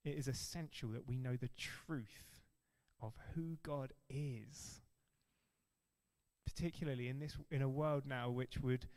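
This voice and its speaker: Slow, earnest preacher man with reverb. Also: medium pitch, darkish tone, smooth. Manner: earnest, emphatic with slow stressed phrases. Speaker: pastor. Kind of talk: sermon.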